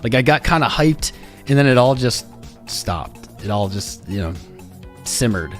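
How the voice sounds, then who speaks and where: A man from the United States hosting a casual crypto live stream, laid-back and rambling, greeting chat by name, a little hoarse from losing his voice. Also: medium pitch, lively intonation, a little slow. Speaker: crypto livestream host. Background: music playing.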